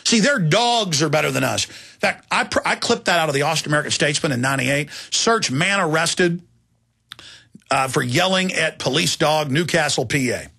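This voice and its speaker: A man's voice: on the high side, expressive, moderate pace, gravelly, bright, forceful tone, slightly rough. A middle-aged man hosting a talk radio show, telling rambling, digressive stories in a heated, indignant way.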